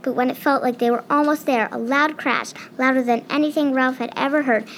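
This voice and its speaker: A woman's voice: high voice, steady tone, a bit bright, a little hiss or hum, poor audio. Woman reading a children's story aloud. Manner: slightly halting, with small slips. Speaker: reader.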